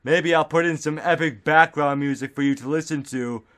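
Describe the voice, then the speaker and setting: A man's voice: a little high, normal speed, fairly bright tone. A man vlogging into a desktop microphone at home, rambling goofily with lots of fillers and sudden silly outbursts. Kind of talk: casual rambling monologue. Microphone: desktop studio microphone.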